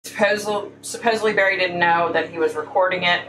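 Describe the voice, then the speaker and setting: A woman's voice: on the low side, steady tone, fairly quick. A woman hosting a casual livestream, talking bluntly and speaking her mind. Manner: blunt, opinionated, says "y'all". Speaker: livestream host. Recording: echoey room, faint hum, mic at a distance.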